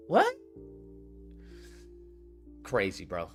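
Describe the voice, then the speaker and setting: A man's voice: high-pitched, wildly swooping pitch, a little slow, pauses often, fairly bright tone, soft background music. A man hosting a livestream, ranting about video games with lots of swearing and repetition while reading out chat comments. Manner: profane, heated, rants and repeats itself. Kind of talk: unscripted gaming rant.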